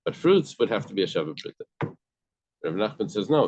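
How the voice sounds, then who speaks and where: Low-voiced man teaching a Talmud class. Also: sing-song, fairly quick, a little mellow, no room sound. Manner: explains step by step with everyday examples and frequent restarts. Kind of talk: casual study-group lesson.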